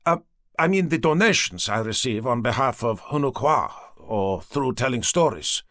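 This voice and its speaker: A man's voice: medium pitch, animated, moderate pace, a bit bright, no room sound, clean studio sound, lightly acted. A man voicing a cheerful, skinny young man who plays a fake shaman for tourists, talking eagerly like a salesman. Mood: chirpy, eager.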